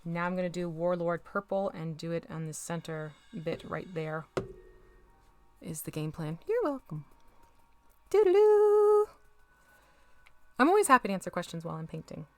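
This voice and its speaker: A woman's voice: low-pitched, flat delivery, moderate pace, darkish tone. A woman chatting casually with her live-stream audience while she paints miniatures, laughing often and sometimes drifting away from the mic.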